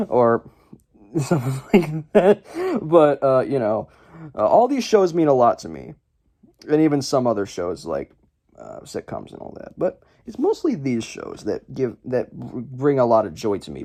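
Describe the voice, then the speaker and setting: Talking to the camera for a casual list video, a young YouTube host rambles and chats, joking and self-deprecating, with plenty of fillers and restarts. His voice has a medium pitch and a dark tone.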